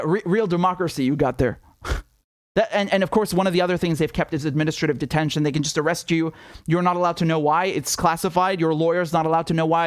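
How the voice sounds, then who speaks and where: A man's voice: on the high side, dry recording, studio quality. A young adult man hosting a live political commentary stream, talking in a heated, sarcastic and profane way, stumbling over restarts and reading viewer donation messages aloud. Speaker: independent political commentator and host.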